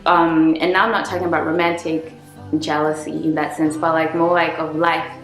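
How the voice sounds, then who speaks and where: A woman's voice: low voice, level tone, normal speed, soft background music. A woman vlogger talking casually about self-help and spirituality, acting out the inner dialogue she has with herself. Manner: reflective, acts out her inner dialogue. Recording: echoey room.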